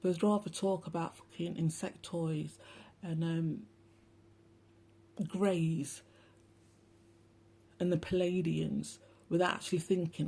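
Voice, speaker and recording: Gravelly, husky woman ranting bluntly. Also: lowish voice, fairly even intonation, takes it slowly, long pauses, mellow. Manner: rambling, blunt, sweary and sarcastic. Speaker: spiritual channel host. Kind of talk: casual spiritual monologue.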